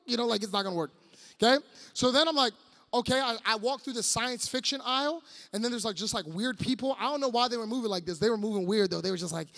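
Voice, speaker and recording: Man, 30s, youth speaker, comic sermon, animated, sudden shouts, long hall reverb. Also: high-pitched, quick pace, gravelly.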